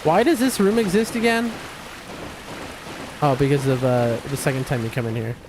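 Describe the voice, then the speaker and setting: A man's voice: medium pitch, normal speed, noisy background. A man hosting a gaming livestream, chatting casually with his viewers and joking back at the game characters. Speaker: livestream gamer host. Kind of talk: casual gaming stream commentary.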